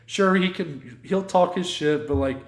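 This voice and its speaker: A man co-hosting a podcast, telling a long story in a casual, animated way, swearing freely and acting out what people said. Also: high voice, a little slow, gravelly, echoey room. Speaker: podcast co-host.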